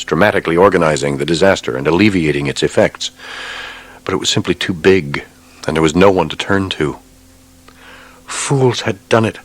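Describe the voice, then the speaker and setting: A man narrating a war novel audiobook in a measured, grave way. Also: sits low.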